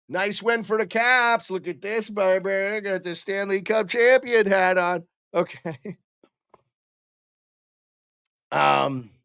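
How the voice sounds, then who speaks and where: A middle-aged man from Montana doing excitable live play-by-play for a fan stream at home, chatting with viewers between calls. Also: high-pitched, vocal fry.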